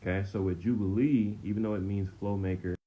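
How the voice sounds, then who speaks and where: A man leads a casual Bible study in a conversational way, repeating himself and asking "okay?" after nearly every point. His lowish voice is steady, brisk, dark and a bit breathy, on a dull, slightly lo-fi recording with faint noise.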